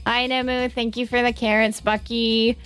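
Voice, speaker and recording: A young Southern American woman talks to her stream chat at a desk mic. Her voice sits fairly high and swings up dramatically when she gets excited. She is bubbly and chatty, with faint music playing underneath. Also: moderate pace, clean tone. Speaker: VTuber streamer reading chat. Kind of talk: casual live-stream chat.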